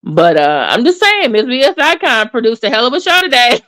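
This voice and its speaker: A woman hosting a casual livestream commentary, chatty and animated, with many fillers and restarts. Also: fairly high pitch, brisk. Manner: addresses viewers in chat by name. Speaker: commentary channel host.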